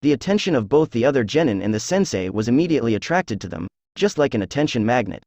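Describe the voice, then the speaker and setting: A man reading fan fiction aloud as narrator, in a steady, even storytelling voice. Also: mid-range voice, fast talker, dry recording.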